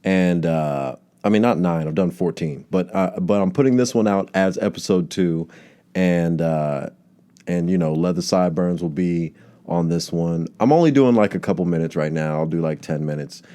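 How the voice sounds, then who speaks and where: A man's voice: sits low, moderate pace, mellow. A male comedian hosting a solo podcast, rambling from tangent to tangent and swearing casually.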